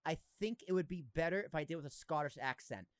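A young man hosting a podcast, chatting casually, excitable, swearing and laughing a lot. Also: on the high side, quick pace, smooth, dry recording. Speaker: podcast host. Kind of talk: casual chat.

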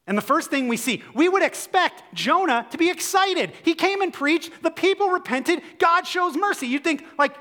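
A man preaching a sermon in an animated way, acting out quotes with a rising voice. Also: very high-pitched, moderate pace, few pauses. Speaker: pastor. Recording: long hall reverb.

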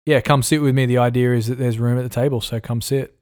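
A man who is a pastor, answering questions in a casual interview, thoughtful and halting, with many fillers. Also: mid-range voice, steady tone, darkish tone.

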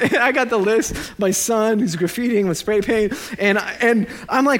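A man in his thirties preaches a sermon in a fairly high voice. He keeps it light and animated, tossing in jokes and laughing at his own lines as he goes. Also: moderate pace, few pauses. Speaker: pastor.

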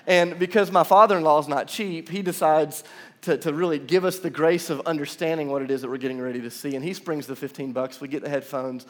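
A young male pastor preaches a conversational sermon in a large church room with about seven hundred seats. His voice is fairly high and fairly quick, and he tells stories in an animated way with casual asides.

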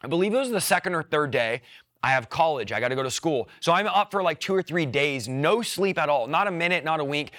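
Bright-voiced man telling his testimony. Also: on the high side, fast. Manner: animated storyteller who acts out his own quoted words. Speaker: preacher sharing his testimony. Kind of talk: personal testimony.

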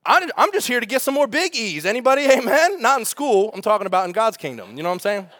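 A man with a high, light voice delivers a sermon. He preaches in an animated, conversational way, tossing rhetorical questions to the congregation. The sound is close and dry. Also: fast talker, no echo. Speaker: pastor.

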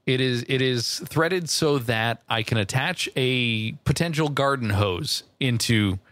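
Animated man riffing on silly ideas. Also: dry recording. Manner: playful, enthusiastic pitching of silly ideas. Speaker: podcast co-host. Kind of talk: casual banter.

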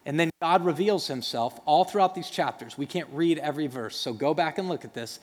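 A man preaching a sermon as pastor, animated and conversational, acting out the dialogue between speakers in the story with asides to the congregation. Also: on the high side, brisk. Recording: reverberant hall.

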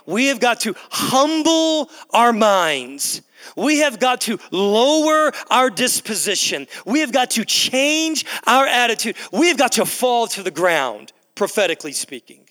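A pastor preaches a sermon in a large church hall with a high, bright voice, big pitch swings, and a slightly slow pace. He repeats emphatic phrases and speaks straight to the crowd, calling them "guys." A long hall reverb trails behind each sentence.

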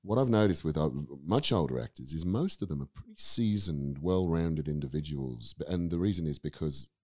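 An Australian man with an exceptionally deep voice talks through his views on acting in a relaxed podcast chat. He is thoughtful and rambling, often restarting his sentences as he works toward a point. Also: a little fast. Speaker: guest actor and acting teacher. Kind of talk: casual podcast discussion.

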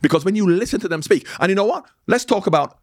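A man's voice: high-pitched, expressive, fast, no room sound, clean studio sound. A man in his sixties, a guest in a heated interview, arguing his point insistently and pushing back on interruptions. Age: 60s.

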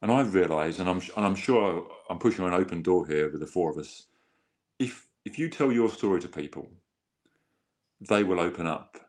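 A man's voice: low-pitched, animated, normal speed. A man telling his story as a guest in an earnest, rambling way, often restarting sentences and acting out quotes. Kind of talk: candid conversational storytelling.

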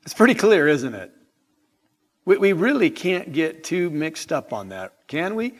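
A man preaching an evening sermon in a church sanctuary, emphatic and deliberate, asking the congregation rhetorical questions. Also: a little high, big pitch swings. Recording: hall reverb in sanctuary.

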